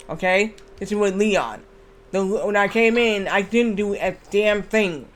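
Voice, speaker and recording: High-voiced rambling male streamer. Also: unhurried, soft background music. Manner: rambling, restarts, swears freely. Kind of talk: casual gameplay commentary.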